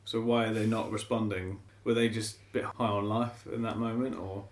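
A man's voice: fairly low pitch, flat delivery, normal speed. A man in a casual group discussion, asking questions in a quizzical way.

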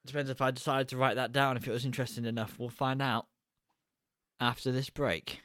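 A man co-hosting a casual podcast, wry and joking as he talks. His voice is mid-pitched and sounds dry and close. The delivery is relaxed banter. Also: brisk, no echo. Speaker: podcast co-host. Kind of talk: casual chat.

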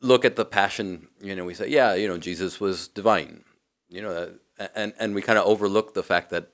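Male podcast co-host: very deep, reflective, casual filler-heavy talk. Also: a little fast. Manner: reflective, leans heavily on "you know".

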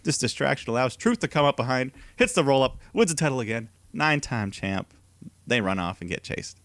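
A man's voice: mid-range voice, lively intonation, a little fast, a bit bright, dry recording. A man co-hosting a casual podcast, eagerly retelling events play-by-play and laughing often. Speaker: podcast co-host. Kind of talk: casual recap chat.

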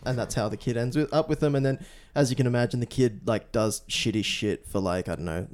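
A man's voice: medium pitch, a little fast, darkish tone. A man co-hosting a casual podcast, talking loosely about a movie and laughing easily. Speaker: podcast co-host.

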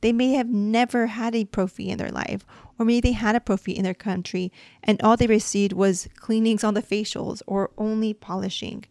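A woman's voice: mid-range voice, fairly even intonation, moderate pace, a little mellow, no echo. A woman hosting a podcast as a dental hygienist, giving a casual lesson in a chatty, explanatory way and coaching her listeners.

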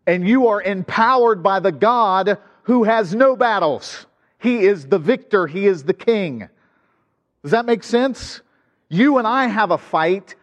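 Conversational preacher in a reverberant hall. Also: male voice, high voice. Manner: conversational preaching with asides and rhetorical questions. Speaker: pastor. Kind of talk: sermon.

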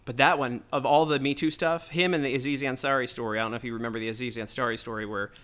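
A man's voice: medium pitch, steady tone, fast talker, fairly bright tone. A man hosting his own podcast, delivering a heated, profane, rambling political rant straight into the mic. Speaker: podcast host.

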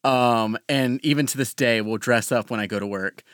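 A man in casual podcast chat, telling a personal story with halting restarts. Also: medium pitch, clean tone, dry recording, studio quality. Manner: warm-hearted anecdote telling, halting restarts. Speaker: podcast player.

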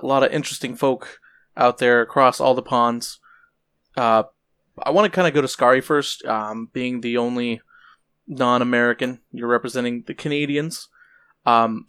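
A man hosting a podcast, asking a guest loose, relaxed questions. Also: medium pitch, clean tone. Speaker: podcast host. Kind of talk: interview questions.

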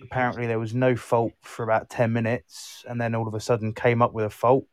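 A man's voice: mid-range voice, little pitch movement, a little fast, no room sound, studio quality. A man telling a story about his car on a casual live chat. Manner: storytelling, exasperated.

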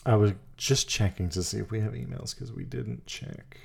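A man co-hosting a Christian podcast, chatting in a relaxed way with plenty of filler words. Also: on the low side, normal speed, creaky, slightly rough. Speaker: podcast co-host. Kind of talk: casual faith chat.

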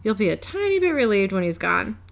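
A woman's voice: mid-range voice, big pitch swings, fairly quick, gravelly. Woman reading as a sly mocking demon. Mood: taunting. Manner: mocking, teasing. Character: sly taunting female crossroads demon.

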